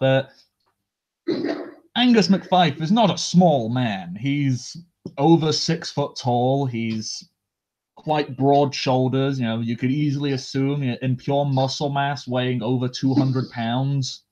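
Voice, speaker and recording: A man's voice: medium pitch, slow, a little mellow. Hesitant male dungeon master. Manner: hesitant, self-deprecating, many fillers. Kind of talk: tabletop game narration. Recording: dull lo-fi recording.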